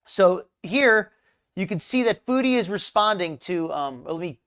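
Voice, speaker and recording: A medium-pitched, animated voice, a bit bright, moves at a measured pace. The host of a live commentary show chats and rambles casually, greeting the chat as the stream goes on.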